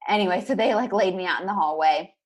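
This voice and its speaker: A young woman telling a story as a podcast guest, in a rapid, casual way full of fillers like "like". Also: fairly low pitch, darkish tone. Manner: rapid, filler-heavy, peppered with "like".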